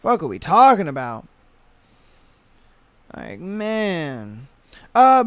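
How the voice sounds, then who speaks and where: A man's voice: sits high, drawn-out words, long pauses, clear, resonant tone, dry recording. Young guy ranting on his podcast, annoyed and swearing a lot, dry close sound. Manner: exasperated, profane, animated. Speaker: podcast host. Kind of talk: casual reaction rant.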